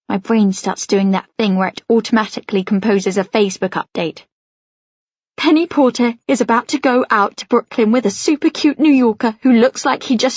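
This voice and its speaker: A woman narrating an audiobook in the first person, in a light, youthful and expressive way. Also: mid-range voice, dry recording. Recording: dull, lo-fi dry audiobook recording.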